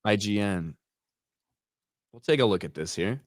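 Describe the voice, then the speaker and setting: A man's voice: fairly low pitch, animated, unhurried, no echo, studio quality. Profane, rambling male stream host. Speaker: show host reading viewer comments. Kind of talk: casual livestream chat.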